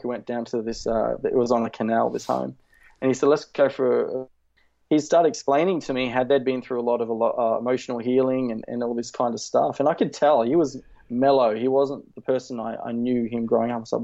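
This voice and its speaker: A man in his thirties tells a personal faith story in an earnest, halting way, full of fillers and restarts. His voice sits at a middle pitch. The recording is slightly dull and lo-fi. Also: gravelly, darkish tone. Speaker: speaker sharing a testimony.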